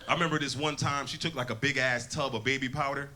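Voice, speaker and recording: A man's voice: mid-range voice, steady tone, fast talker, sharp tone. A man from Connecticut doing a stand-up set, telling stories in loose, profane slang. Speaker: stand-up comedian. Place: comedy club stage. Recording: live club crowd with laughter.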